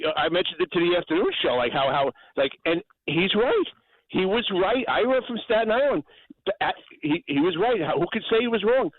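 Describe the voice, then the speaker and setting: A middle-aged man calling in to a sports radio show, rambling and repeating words as he restarts his sentences. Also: high-pitched. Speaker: caller. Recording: tinny phone line.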